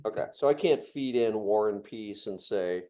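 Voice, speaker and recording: A man's voice: fairly low pitch, lively intonation, normal speed, warm tone. A man hosting a casual chat, curious, thinking aloud and asking follow-up questions.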